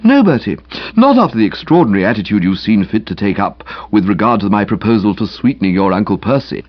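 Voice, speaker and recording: A man voicing a breezy, self-assured young gentleman who teases with mock-solemn pronouncements in an audiobook reading. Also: lowish voice, big pitch swings, quick pace, no room sound, lo-fi sound. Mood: smug. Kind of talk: audiobook character voice.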